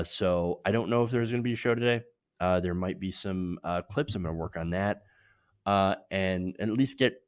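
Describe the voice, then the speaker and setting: A man hosting a live political commentary stream, talking emphatically and indignantly and raising his voice to drive points home, then rambling with fillers when speaking off the cuff. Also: lowish voice.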